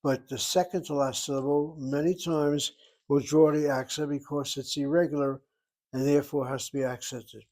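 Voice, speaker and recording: An older man teaching a Hebrew class, patiently explaining and slowly spelling out words. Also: fairly high pitch, steady tone, a little mellow. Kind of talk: classroom lesson.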